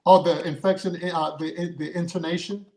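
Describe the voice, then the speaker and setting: A man's voice: a little high, steady tone, normal speed, a little mellow, slight background noise, rough recording. A man, an actor and podcast co-host, explaining acting craft in casual chat, often restarting his sentences. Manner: explains at length with many restarts.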